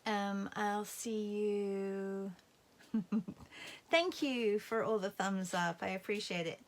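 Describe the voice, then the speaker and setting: A woman's voice: mid-range voice, slow pace. A woman teaching a live painting class, chatting and thinking aloud as she paints. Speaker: art teacher. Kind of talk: live painting demo, casual commentary.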